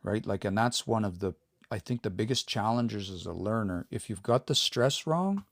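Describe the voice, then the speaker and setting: A man's voice: lowish voice, lively intonation, normal speed, creaky, no echo, studio quality. Man teaching casually on a livestream. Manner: explains patiently, thinking aloud, reads out viewer comments. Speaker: language teacher.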